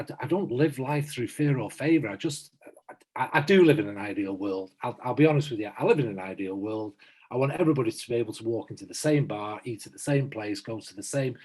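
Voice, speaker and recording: An earnest man in his fifties reflecting aloud in a relaxed chat with friends, often pausing and restarting. His voice is husky, and it rises and falls a lot. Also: medium pitch. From south Manchester, England. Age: 50s. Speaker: podcast co-host. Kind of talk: casual chat among friends.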